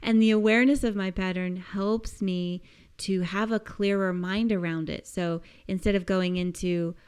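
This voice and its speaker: A woman coaching listeners through a reflective self-help exercise, speaking gently and searchingly with frequent soft laughs. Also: fairly low pitch, flat delivery, moderate pace, clear, resonant tone. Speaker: coach giving a weekly task.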